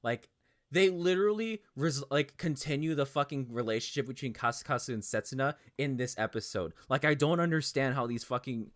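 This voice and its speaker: A man on a podcast talking casually about an anime episode, rambling, excitable and full of swearing. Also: medium pitch, a little fast. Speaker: podcast co-host.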